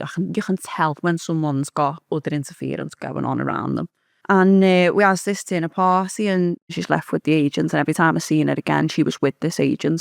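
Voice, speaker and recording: A woman's voice: sits low, vocal fry, no echo, studio quality. A woman with a Liverpool accent, a podcast guest telling a vivid story, blunt and swearing freely. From Liverpool, England. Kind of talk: storytelling in an interview.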